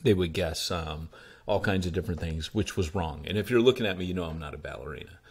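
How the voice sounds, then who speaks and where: American male pastor with a low voice, lively storyteller in an interview who voices the people he quotes. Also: fast, husky. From United States. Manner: animated, acts out quoted dialogue. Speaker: pastor and church planter.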